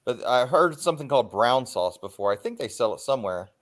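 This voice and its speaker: A man's voice: medium pitch, lively intonation. Casual livestream host, male, loose and rambling, salty language, lots of ums and uhs. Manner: rambling, swears freely, frequent filler pauses.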